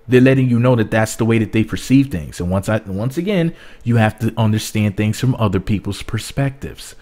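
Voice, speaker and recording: Male vlogger, lowish voice, rambling casual commentary with repeated words. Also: animated, a little fast, warm tone.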